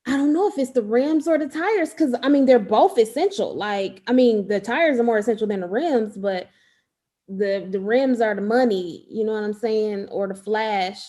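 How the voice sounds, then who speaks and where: A woman's voice: on the high side, moderate pace, dark tone. A woman from Georgia co-hosting a casual podcast, conversational and frank with her opinions. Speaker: podcast co-host. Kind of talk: casual chat.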